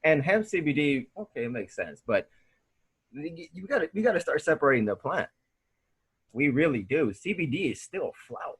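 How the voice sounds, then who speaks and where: Husky, laid-back Southern Californian man. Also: a little high, very animated, brisk. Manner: laid-back, slangy, swears casually. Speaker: podcast guest. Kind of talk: casual conversation.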